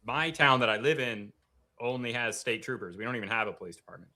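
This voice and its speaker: A man's voice: mid-range voice, fast, pushed and bright. A man from Connecticut co-hosting a casual podcast, asking question after question. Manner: curious, keeps asking questions. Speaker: podcast co-host.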